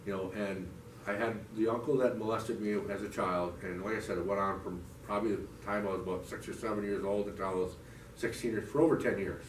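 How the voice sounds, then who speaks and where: A man's voice: on the low side, fairly even intonation, quick pace. A man giving a heartfelt, rambling personal testimony to a church recovery group, full of restarts and "you know". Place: church meeting room. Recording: echoey room, mic from a distance, faint noise.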